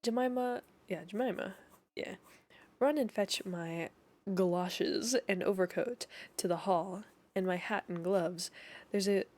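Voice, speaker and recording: Woman reading as a pompous old gentleman. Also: mid-range voice, unhurried, lightly acted. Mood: boastful. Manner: long-winded, grandly formal phrasing. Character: pompous elderly gentleman collector, fussy and wordy.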